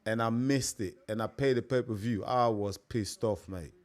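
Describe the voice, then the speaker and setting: With a fairly low pitch and moderate pace, a young man runs a live stream in a relaxed, chatty way. He tends to repeat himself and sprinkles "mate" throughout when talking to listeners.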